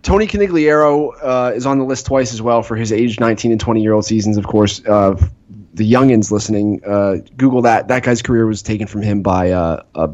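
A man co-hosting a podcast chats casually about baseball in a fairly low, darkish voice at a fairly quick pace, and the sound is lo-fi. He's easygoing and hesitant, filling his talk with plenty of uhs.

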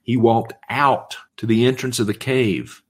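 A man's voice: mid-range voice, steady tone, a little slow. A man giving an expository sermon, reading scripture aloud and arguing each point with emphasis. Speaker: Bible teacher.

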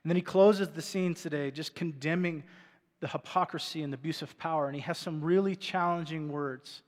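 Male pastor, sermon, conversational preacher with a high voice, recorded with a long hall reverb. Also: fairly quick. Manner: conversational preaching with rhetorical questions. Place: church stage before a congregation.

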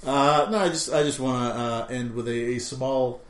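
A male player at a tabletop game who tells deadpan jokes, halting and full of fillers. His voice sits in a middle pitch. The recording is echoey. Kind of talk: casual tabletop banter.

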